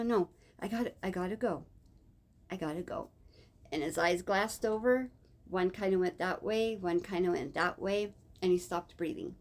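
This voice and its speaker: A woman telling a personal story in a casual, rambling way, with many fillers and self-corrections. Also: on the low side. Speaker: vlogger.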